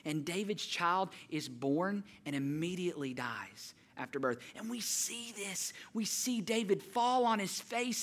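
A man's voice: high voice, a little slow, few pauses. A man preaching a sermon, telling personal stories and building to impassioned rhetorical questions. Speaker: pastor.

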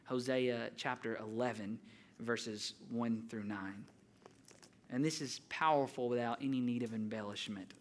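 A young man preaching a sermon as pastor, telling a story earnestly with restarts, rising in energy and then dropping soft. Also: mid-range voice, measured pace. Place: church.

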